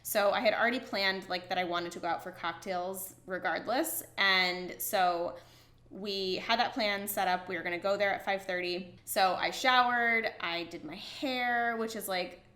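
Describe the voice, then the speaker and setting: A young woman chats to the camera in an eager, gushing voice, her words peppered with "like." Her tone is bright and forward. The sound carries a noticeable room echo. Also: medium pitch, normal speed. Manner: gushing, excited, with frequent "like" fillers. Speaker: vlogger. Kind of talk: casual storytelling to camera.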